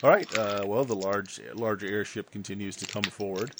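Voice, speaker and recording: A man narrating a tabletop game as game master, in a measured way with many filler pauses. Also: on the low side, noisy background.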